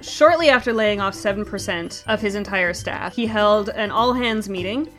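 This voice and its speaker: A woman co-hosting a comedy show, reading out odd news stories in a brisk, wry, joking way. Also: mid-range voice, fairly bright tone, soft background music. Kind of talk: scripted comedic news chat.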